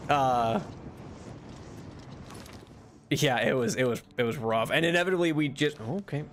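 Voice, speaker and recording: A man streaming a game chats at a moderate pace with long pauses, his mid-range voice carrying a little hiss or hum alongside the game music. He rambles with fillers and restarts, laughs often, and yelps loudly when things go wrong in the game.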